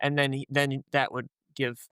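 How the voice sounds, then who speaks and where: A man with a smooth, resonant voice of medium pitch joins a story podcast as a guest. He offers dry remarks and asks questions about the plot. The recording is dry and close. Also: little pitch movement, moderate pace, pushed and bright, no room sound. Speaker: guest player. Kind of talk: casual story-planning chat.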